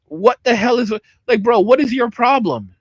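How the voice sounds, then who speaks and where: A man with a high, raised voice rants angrily on a livestream, firing back at his chat. He talks in heated bursts and repeats himself. The sound is close and dry, with no room around it. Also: expressive, moderate pace, no echo, muffled recording. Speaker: channel host. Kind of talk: livestream rant reacting to chat.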